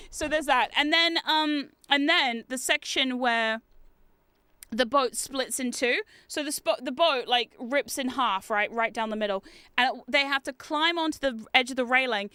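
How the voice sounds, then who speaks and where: A woman streaming while gaming, telling rambling, animated stories in casual chat with plenty of swearing. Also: sits high, moderate pace, smooth, no echo.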